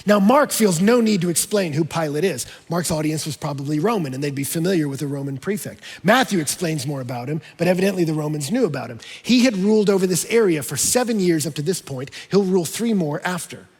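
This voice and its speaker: A man preaches an expository sermon in a large church auditorium. His voice is husky and sits a little high, dropping to hushed lows and rising to emphatic peaks. A long hall reverb trails his words. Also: lively intonation, fast, few pauses. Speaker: pastor.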